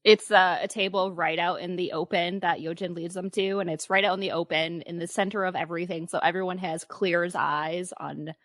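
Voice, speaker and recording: A woman player in a tabletop game, narrating her character's moves in a brisk, playful way. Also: fairly low pitch, steady tone, a bit bright, no room sound, clean studio sound. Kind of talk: casual tabletop play.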